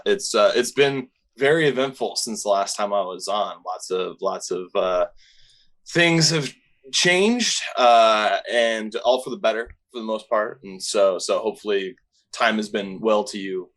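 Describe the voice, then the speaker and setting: A man, a guest musician, answering casually from his home basement in a relaxed, friendly way with many fillers. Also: fairly low pitch, measured pace. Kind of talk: casual interview.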